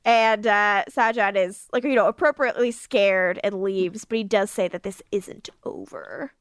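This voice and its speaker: A woman co-hosting a casual rewatch podcast, recapping scenes in an animated way, acting out quotes and laughing often. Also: mid-range voice, a little slow, no room sound, studio quality. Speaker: podcast co-host.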